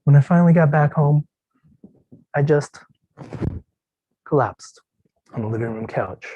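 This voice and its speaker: A man giving a dramatic storytelling speech at a contest, expressive, with drawn-out pauses and hushed tender passages. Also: fairly high pitch, phone-quality sound, a little hiss or hum. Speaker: contest speaker.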